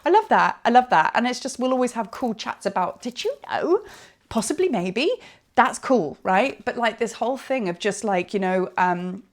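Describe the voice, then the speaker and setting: Woman, spiritual teacher, casual rambling monologue outdoors, animated. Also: on the high side, moderate pace. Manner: chatty, rambling, animated, with laughs and trailing asides. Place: outdoors on a hilltop.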